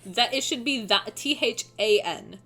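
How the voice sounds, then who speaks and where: A woman's voice: on the high side, animated, a little slow, vocal fry, bright, forceful tone, slightly rough, soft background music. A young woman streaming live, reading chat messages aloud and reacting with swearing and frequent laughter.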